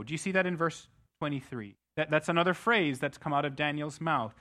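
A middle-aged man preaching a sermon as pastor, emphatic, often restarting words with quick repeats. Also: a little high, pushed and bright.

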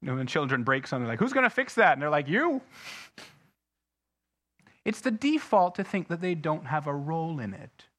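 A man's voice: fairly high pitch, lively intonation, fast, few pauses, a bit bright. A man preaching a sermon, reading scripture aloud with heavy emphasis and often putting questions to the congregation. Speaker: pastor.

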